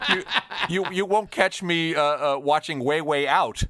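A man's voice: a little high, sharp tone, no room sound. A man hosting a podcast, reading out listener questions in casual chat and chuckling along. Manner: brisk, chuckling question reader. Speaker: podcast host.

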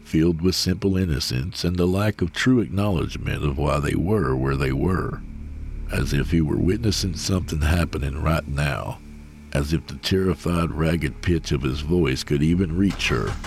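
A man reading a horror story aloud in a slow, measured, grim delivery. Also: a bass voice, gravelly, a little mellow, a little hiss or hum. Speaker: narrator.

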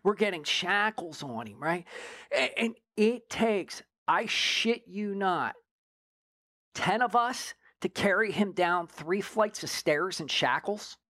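Speaking slowly in a high voice, a man who once worked as a drug agent recounts a story during a casual interview. He swears freely and keeps asking "right?" as he animatedly tells it. The recording is dry.

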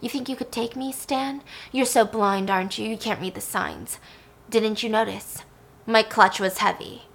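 A woman's voice: mid-range voice, lively intonation, normal speed, creaky, a bit bright. A woman voicing a cold, condescending female psychiatrist who taunts and belittles. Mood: contemptuous. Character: cold, mocking female psychiatrist, middle-aged.

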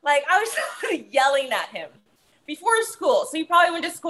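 A woman in her thirties, a podcast co-host, telling an animated story in casual chat, laughing as she goes. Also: high voice, fairly quick. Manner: animated, laughing through stories.

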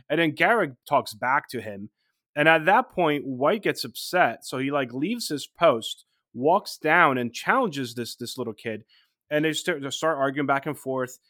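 A man's voice: medium pitch, lively intonation, normal speed, a bit bright, no echo, clean studio sound. A man co-hosting a podcast, retelling events in casual storytelling and checking in with "right?" as he goes. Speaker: podcast co-host.

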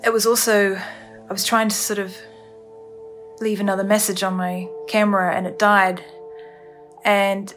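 A woman telling her own story on a podcast, halting and emotional, with many restarts. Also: medium pitch, level tone, fairly bright tone, faint music behind. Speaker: storyteller recounting her ordeal. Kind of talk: candid first-person podcast testimony.

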